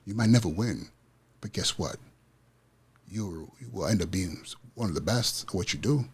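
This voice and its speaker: In his motivational podcast monologue, the principal speaks at a moderate pace in a low, slightly rough voice with lively intonation. He talks with passion and emphatic repetition about teaching kids to win.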